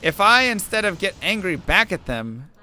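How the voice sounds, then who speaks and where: A young male streamer with a bright, ringing voice that sits a little high for a man. His tone is smooth and clean as he muses aloud and tells an earnest story between quick remarks about the game. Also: very animated. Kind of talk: casual chat while playing.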